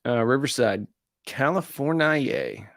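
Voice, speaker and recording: Male host, gravelly tone, dry close sound, easygoing chat reading viewer comments. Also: mid-range voice, expressive, slow pace, a bit bright, no room sound. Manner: reads out viewer comments and answers them casually. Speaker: host of an audio gear channel. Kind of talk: casual live-stream chat.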